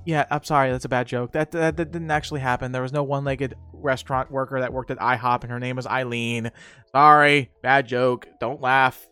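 A man's voice: medium pitch, flat delivery, brisk, sharp tone, clear, resonant tone, no echo, faint music behind. A man hosting a casual solo podcast, rambling and laughing at his own jokes. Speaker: podcast host.

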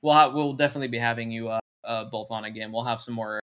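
A man's voice: medium pitch, steady tone, fast talker, a bit bright, clean tone. Rambling casual male podcast co-host. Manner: loose, rambling, filler-heavy talk. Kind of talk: casual chat.

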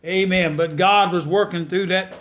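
High-voiced preacher, fervent and folksy. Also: male voice, steady tone, normal speed, a bit bright. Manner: folksy, repeats phrases, rises to fervent exhortation. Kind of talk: sermon.

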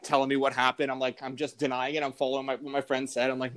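A man's voice: medium pitch, flat delivery, fast, a bit bright. Young male podcast guest, loose rambling storyteller, filler-heavy, plain mid-range voice. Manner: rambling, lots of "like" and "I'm like" quotes. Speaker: guest, sports betting editor.

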